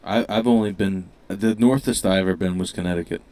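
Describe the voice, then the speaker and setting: A man's voice: low voice, steady tone, a little fast, a little mellow. A man co-hosting a podcast in casual chat, giggly and laughing often. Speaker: podcast co-host.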